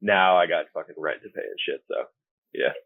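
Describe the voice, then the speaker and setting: Young American guy, band singer type: low, husky, blunt and sweary, easygoing storyteller, heard over a thin phone-like line. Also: fairly quick, no echo. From United States. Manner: blunt, profane, laid-back storytelling. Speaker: band vocalist, guest. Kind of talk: casual interview chat. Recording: phone-like remote call audio.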